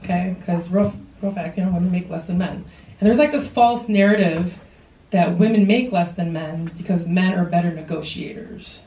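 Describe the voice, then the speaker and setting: A woman's voice: lowish voice, moderate pace. Chatty woman hosting a comedy show. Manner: chatty, self-mocking, playful. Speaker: stand-up comedy host. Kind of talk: stand-up comedy set. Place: theater stage with live audience. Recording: roomy theater sound from a distance, loud audience.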